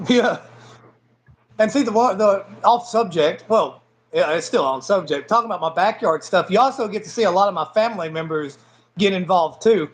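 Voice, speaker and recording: A man with a Southern accent, a wrestler chatting as an interview guest in a relaxed, agreeable way. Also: sits high, slight background noise. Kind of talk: casual conversational interview.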